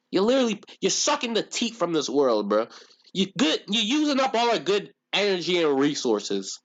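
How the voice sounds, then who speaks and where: A man's voice: high-pitched, wildly swooping pitch, moderate pace, dull audio. A man streaming live and talking to his chat in a ranting, incredulous way, full of rhetorical questions.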